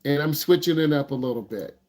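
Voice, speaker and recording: A man teaching driving on a live online Q&A, lively and joking, acting out parents as he talks. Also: a little high, fairly quick. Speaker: driving instructor.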